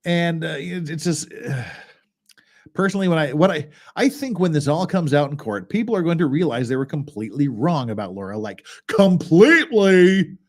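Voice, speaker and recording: A man's voice: fairly high pitch, animated, brisk, a little mellow. A man, a lawyer, giving casual reaction commentary as he reads a blog aloud, talking conversationally with exasperated asides.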